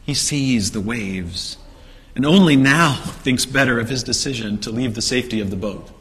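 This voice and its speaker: A man delivers a sermon in a bright, forceful voice. He retells the story vividly, asking rhetorical questions and acting out the quotes. His voice rings with a long reverb, as in a large hall. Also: medium pitch, normal speed. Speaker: preacher.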